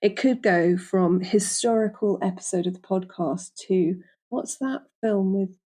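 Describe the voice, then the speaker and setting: Woman podcast host chatting from a hotel room on a lapel mic, jokey, keeps restarting her sentences, middling pitch. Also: mellow. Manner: chatty and jokey, with quick self-corrections. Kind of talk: casual podcast chat.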